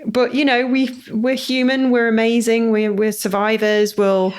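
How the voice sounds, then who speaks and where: A woman hosting a podcast interview over a video call, chatting warmly and reassuringly with frequent laughs. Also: a little high, level tone, unhurried. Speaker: podcast host. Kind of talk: casual interview chat.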